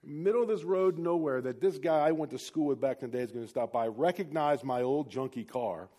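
A man preaching a sermon, telling a personal story with big swings between loud, emphatic peaks and quiet asides. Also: mid-range voice, brisk, hardly any pauses. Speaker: pastor.

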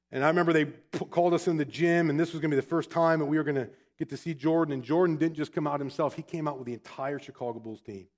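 A man preaching a sermon. He opens with a personal story told with frequent restarts, then builds to fervent, slowly stressed preaching. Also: medium pitch, a little mellow. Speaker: pastor. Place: church.

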